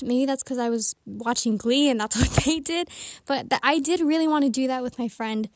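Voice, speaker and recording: A woman's voice: sits high, a little fast, no room sound, clean studio sound. A teenage girl talking in a casual, rambling monologue from under a blanket, a little out of breath, with giggly asides. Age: teens. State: slightly out of breath.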